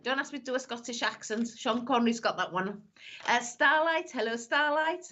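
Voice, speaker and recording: A woman with a slightly high voice, chatting warmly with viewers as a psychic medium, calling each one "my lovely". Her live stream sound is dull and lo-fi, and her talk is loose and chatty. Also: normal speed. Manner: chatty, calls everyone "my lovely". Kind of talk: live-stream greetings and reading.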